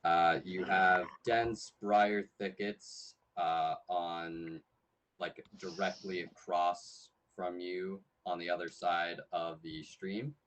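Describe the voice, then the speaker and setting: Slow, deep-voiced game master. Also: male voice, flat delivery, fairly bright tone, rough recording. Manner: halting, with fillers. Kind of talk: narrating a tabletop game.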